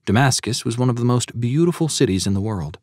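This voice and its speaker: A man's voice: mid-range voice, lively intonation, fast talker, darkish tone, dry recording, clean studio sound. A man narrating a sermon audiobook in an earnest, preaching tone and citing scripture verses.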